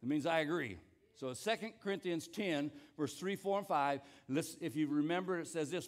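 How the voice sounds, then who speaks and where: Man, pastor, high voice, emphatic sermon, repeats himself, urges the congregation. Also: normal speed. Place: church service.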